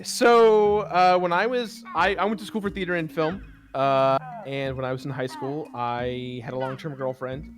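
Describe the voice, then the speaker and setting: A man's voice: on the high side, a bit bright. A man telling an embarrassing personal story on a gaming stream, rambling and self-conscious, full of restarts. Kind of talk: casual storytelling.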